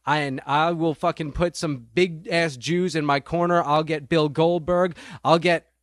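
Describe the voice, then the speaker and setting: A man's voice: fairly high pitch, fairly even intonation, unhurried, no echo, studio quality. A man delivering a profane, sarcastic comedic rant straight to the listener. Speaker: comedic ranter.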